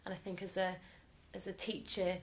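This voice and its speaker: A woman's voice: lowish voice, completely flat delivery, normal speed. A woman teacher talking candidly and with self-assurance about her work in an interview. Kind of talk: reflective interview talk.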